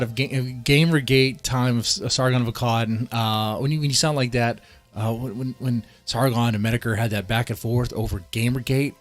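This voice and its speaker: Guy streamer mid rant, swears a lot, keeps repeating himself, normal pitch, bit of music behind. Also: a little fast. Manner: heated, profane, repeats phrases, stumbling restarts. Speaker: streamer reacting to a video. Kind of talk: casual live-stream rant.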